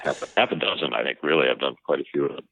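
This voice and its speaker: A man from Maine, an actor, talking as a guest over the phone in a measured way with dry wit. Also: rumbling low, creaky, bright, forceful tone, husky, no echo. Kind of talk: phone interview. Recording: tinny phone line.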